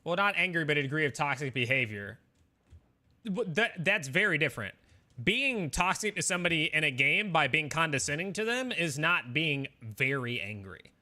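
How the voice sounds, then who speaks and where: A man's voice: a little high, big pitch swings, moderate pace, sharp tone. A young man, a game streamer, chatting casually with his viewers in a rambling, defensive way with lots of fillers.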